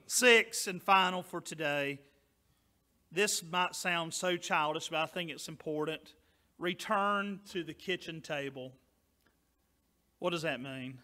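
A man preaching a sermon as pastor, loud and emphatic, dropping now and then to quieter asides. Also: on the high side, takes it slowly, long pauses.

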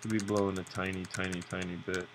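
A man's voice: low voice, flat delivery, fast, background noise. A young man hosting a drawing tutorial, chatting loosely as he sketches and cracking self-mocking jokes. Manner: rambling, joking, self-mocking. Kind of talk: casual narration while drawing.

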